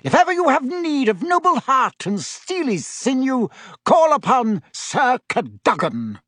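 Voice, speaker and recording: A man's voice: very high-pitched, big pitch swings, a little slow, a bit bright, dry recording, studio quality, pitched above the performer's own voice, exaggerated voice. A male audiobook reader voicing a bombastic little knight who lives in a painting and calls out grand battle cries. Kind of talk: audiobook character voice.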